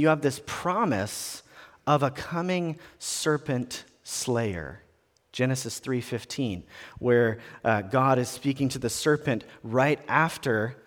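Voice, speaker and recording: A man delivers a sermon in a relaxed, conversational style that builds into animated emphasis. His voice sits at a medium pitch, and a long reverb trails each phrase as if he speaks in a large church hall. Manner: conversational, animated preaching with rising emphasis and restarts. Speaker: preacher.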